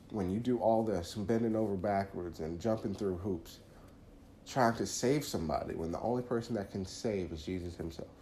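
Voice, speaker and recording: A man's voice: lowish voice, warm tone, echoey room, a little hiss or hum. A man hosting a podcast, talking earnestly through faith advice in a casual monologue, often restarting phrases. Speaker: podcast host.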